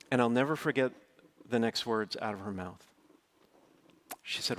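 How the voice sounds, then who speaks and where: A man's voice: mid-range voice, moderate pace, pauses often, fairly bright tone, a little hiss or hum. A middle-aged man preaching a sermon, telling a personal story in an earnest, storytelling way, his voice rising sharply when he quotes his own words. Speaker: pastor.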